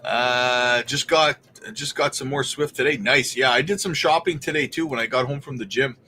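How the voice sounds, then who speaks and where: A man of ordinary middle pitch hosts a relaxed livestream, talking in a loose, chatty way. He keeps calling out viewers by name and laughs easily between remarks. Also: normal speed, a little hiss or hum. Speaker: crypto livestream host. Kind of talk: casual livestream chat.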